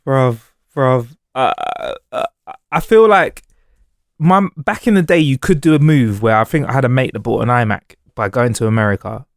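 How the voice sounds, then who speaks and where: A man's voice: medium pitch, dry recording, studio quality. A young man from England, co-hosting a podcast in a laid-back, chatty way. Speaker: podcast co-host. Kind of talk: casual chat.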